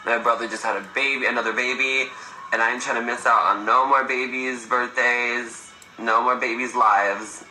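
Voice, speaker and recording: A man's voice: mid-range voice, fairly even intonation, normal speed, sharp tone, slight background noise. A man in his twenties chatting on a livestream, sassy and campy, telling stories with plenty of swearing and laughter, on a phone mic. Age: 20s. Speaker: livestream host. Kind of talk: casual livestream chat. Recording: echoey room, faint music behind.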